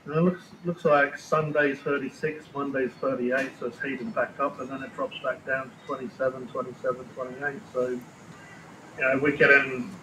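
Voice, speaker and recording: A man's voice: medium pitch, little pitch movement, normal speed, pushed and bright. A man chatting casually on a live stream about his food review videos, rambling and swearing freely. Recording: roomy space with faint ambient noise.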